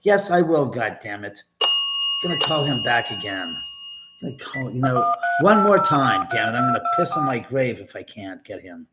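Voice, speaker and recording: An older man hosting a casual livestream from his house. He rambles while reading chat, swears often and breaks into sudden loud outbursts. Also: mid-range voice, sing-song, moderate pace. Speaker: livestream host. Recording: loud background noise.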